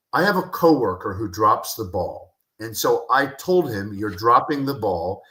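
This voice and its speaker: A man's voice: on the low side, bright, forceful tone. Male guest expert, passionate and emphatic, roomy echo. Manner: passionate, repeats key phrases for emphasis. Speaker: guest, communication expert and speaker. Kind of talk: animated interview talk with acted-out anecdotes. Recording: echoey room.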